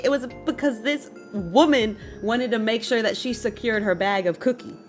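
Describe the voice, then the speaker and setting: A young adult woman with a fairly high voice streams to her chat. She's exasperated and animated, ranting through a story and laughing as she lets it out.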